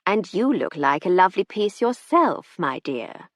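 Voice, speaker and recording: A woman's voice: fairly low pitch, sing-song, unhurried, no room sound, clean studio sound. A woman playing a nasal, oily dealer. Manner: oily, unpleasant. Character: oily, leering male antiques dealer. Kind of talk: audiobook character reading.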